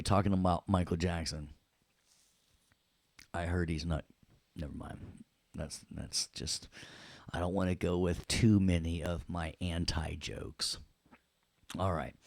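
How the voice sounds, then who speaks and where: A man's voice: sits low, steady tone, unhurried, gravelly, long pauses, dry recording. A man from Tennessee with a Southern accent, teaching a casual class and joking as he goes. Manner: playful, jokey, makes sound effects. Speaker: instructor.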